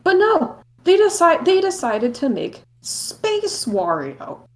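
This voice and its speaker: A woman co-hosting a podcast, chatting casually in quick, excitable, jokey rambling. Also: extremely high pitch. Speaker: podcast co-host.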